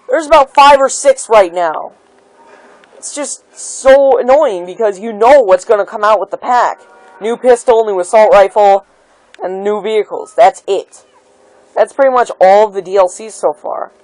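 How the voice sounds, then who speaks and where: A woman's voice: mid-range voice, moderate pace, darkish tone, no echo, poor audio. A woman giving a heated opinion rant about a video game, full of exasperation and many "like" and "um" fillers. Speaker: gaming video maker.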